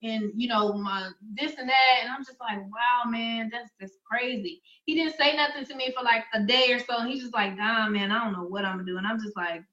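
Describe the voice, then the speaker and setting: A woman trainer giving an energetic, chatty sales presentation to her audience, speaking. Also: fairly high pitch, brisk, hardly any pauses, roomy sound, dull audio. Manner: energetic, chatty, addresses audience as y'all and guys. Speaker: online business trainer.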